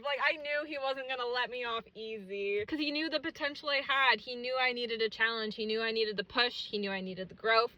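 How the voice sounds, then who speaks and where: A young woman talks through a personal story on her podcast, chatty and loose, filling her sentences with little asides. Her voice sits a bit high and sounds bright and sharp. At moments she is close to tears. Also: steady tone, brisk, hardly any pauses, rough recording. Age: young adult. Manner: chatty, filler-heavy, emotional and tearful at moments. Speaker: podcast host.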